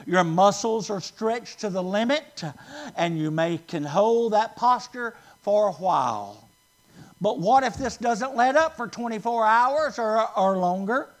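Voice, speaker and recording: A male preacher with a very high voice delivers a sermon at a slow, deliberate pace. He leans hard on key phrases, stretching them out, and keeps asking the congregation to answer back. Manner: emphatic, drawn-out stresses, asks the congregation questions.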